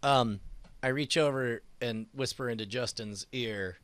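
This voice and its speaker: A man's voice: mid-range voice, measured pace, fairly bright tone, no room sound. A man playing a tabletop game in character, talking in a playful, goofy way with lots of hesitations. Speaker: player. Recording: dry.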